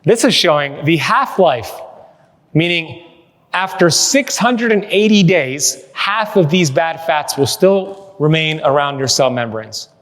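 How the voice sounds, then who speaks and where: Guy doing a keynote on stage, kinda high voice, jokey storyteller, big echoey hall sound. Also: a little slow. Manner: energetic, joking storyteller. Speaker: keynote speaker. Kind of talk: live keynote presentation. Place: large hall with live audience.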